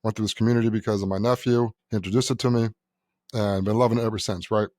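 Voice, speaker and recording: A New York man in his thirties co-hosts a podcast, his lowish voice moving at a quick pace with no echo. He's an animated storyteller in casual chat, acting out quotes and swearing freely.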